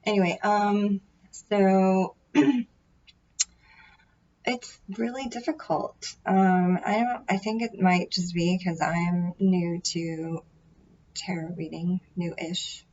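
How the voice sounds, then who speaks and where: A woman who vlogs about tarot talks casually to camera about her readings, wandering off track, putting herself down and stumbling through fillers and restarts. Her fairly low, darkish voice stays fairly even and unhurried. Recorded on a built-in microphone array, the audio is dull with a little hiss or hum.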